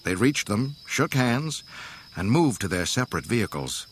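A man with a fairly low voice narrates a storybook, his pitch rising and falling with lively drama. A faint hiss sits under the recording. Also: moderate pace. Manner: dramatic, expressive reading.

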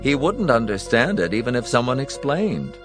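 A man's voice: medium pitch, big pitch swings, normal speed, music in the background, voice pushed up, natural voice. A man voicing a smiling, menacing male clinic boss who speaks with false kindness. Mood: genial menace. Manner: falsely kind, sinister, genial.

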